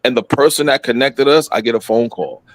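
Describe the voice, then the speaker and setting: A middle-aged man telling a story in casual podcast chat, animated and profane, acting out what people said. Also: mid-range voice, a little fast, no echo. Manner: animated, profane, acts out quotes.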